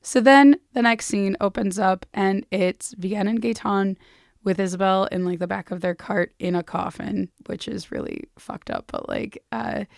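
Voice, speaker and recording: A woman co-hosting a podcast, recapping a novel in casual chat and lively acting out the characters' lines. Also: medium pitch, measured pace, vocal fry, no room sound, studio quality. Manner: animated storytelling, acts out characters' lines, swears, laughs. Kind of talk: casual book-club chat.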